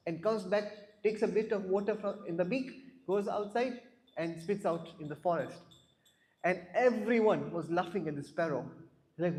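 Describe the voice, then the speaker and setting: A man whose voice sits high and has a darkish tone leads a scripture class in a temple hall. The recording is echoey, and he questions the listeners, tells stories and repeats words often.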